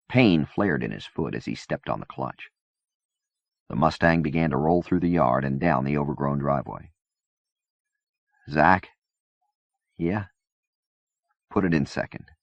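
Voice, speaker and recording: A man reading a novel aloud in measured, even scripted narration. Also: extremely low pitch, gravelly, no room sound. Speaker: audiobook reader. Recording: dull dry cassette-era recording.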